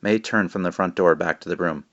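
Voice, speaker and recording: Guy reading his kids book out loud, lowish voice, lively narrating. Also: fairly quick, muffled recording. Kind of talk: expressive children's book reading.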